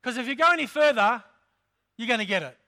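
A man's voice: very high-pitched, lively intonation, fast talker, pushed and bright. A man preaching a sermon as pastor, emphatic, repeating phrases and calling out to the congregation.

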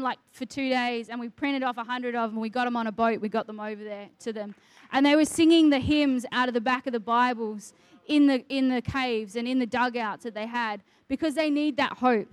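Middle-aged ministry woman, high voice, earnest testimony, quotes folks as she goes, dry close sound. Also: no echo. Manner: earnest storytelling, quotes others. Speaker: ministry worker. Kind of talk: testimony in conversation.

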